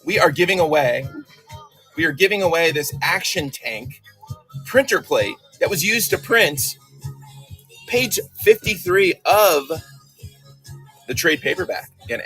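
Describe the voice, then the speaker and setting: Bright-voiced upbeat male stream host. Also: fairly high pitch, rough recording. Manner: upbeat, chatty, joking banter. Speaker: livestream host. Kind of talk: casual livestream chat.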